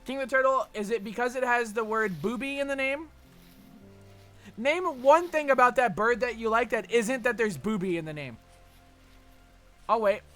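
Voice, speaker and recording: A man's voice: very high-pitched, normal speed, pauses often, pushed and bright, faint music behind. A man from Texas streaming a game, rambling and swearing as he reads chat messages aloud and jokes back at them. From Texas, USA. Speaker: gaming streamer. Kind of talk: casual livestream chat while gaming.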